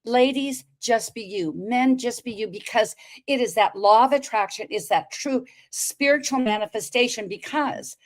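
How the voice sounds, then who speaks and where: A woman telling her story on a talk show as a guest, expressive, acting out quoted dialogue and turning to address the listeners. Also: on the high side, normal speed.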